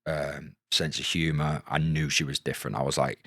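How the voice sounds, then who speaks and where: A man's voice: rumbling low, steady tone, moderate pace, pushed and bright, dry recording, clean studio sound. A man in his thirties telling his story candidly as a podcast guest, frank and casual and cursing freely. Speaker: podcast guest, former footballer.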